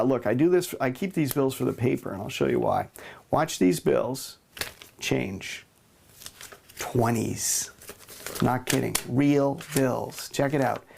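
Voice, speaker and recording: Gravelly man explaining a magic trick. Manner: relaxed, explanatory, punctuates with "boom". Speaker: magic instructor. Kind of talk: demonstrating and explaining a card trick.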